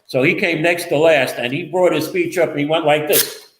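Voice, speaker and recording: A man's voice: a little high, moderate pace, fairly bright tone. Defensive New man in an echoey studio. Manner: defensive, rambling, repeats the other host's name. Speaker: co-host and local reporter. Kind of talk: casual political chat show.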